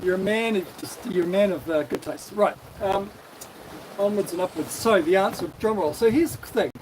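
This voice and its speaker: Kiwi male sailing vlogger, upbeat and rambling, fairly high voice, live from the deck with wind noise. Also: moderate pace. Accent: New Zealand. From New Zealand. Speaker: sailing vlog host. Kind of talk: casual live-stream chat. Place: on a sailboat at sea, outdoors.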